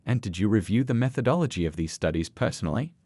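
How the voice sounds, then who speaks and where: Man voicing a calm, precise woman justice. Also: lowish voice, husky, dry recording. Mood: measured. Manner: measured, even and professional. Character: calm, precise female supreme court justice.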